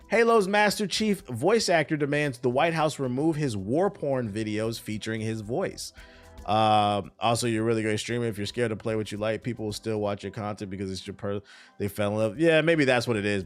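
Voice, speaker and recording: His fairly low voice sounds a little worn out as he streams live. He's a man giving loose, profane, energetic takes on the news.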